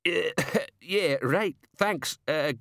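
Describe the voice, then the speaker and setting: Blunt bewildered sergeant, high and incredulous, played by a male reader. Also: very slow, creaky, a bit bright, dry recording, clean studio sound, heavily acted. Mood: baffled, grumbling.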